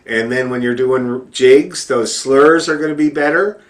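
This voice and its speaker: A man teaching fiddle one-on-one, relaxed and encouraging, often repeating his praise. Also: mid-range voice, a little slow. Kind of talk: one-on-one music lesson. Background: fiddle playing.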